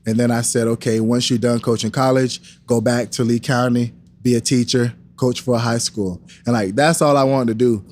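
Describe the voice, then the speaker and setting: A man's voice: medium pitch, moderate pace, hardly any pauses. A young man, a podcast guest, telling a story in casual talk and acting out the voices of the people in it. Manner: animated, acts out quoted dialogue. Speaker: podcast guest, wrestling coach.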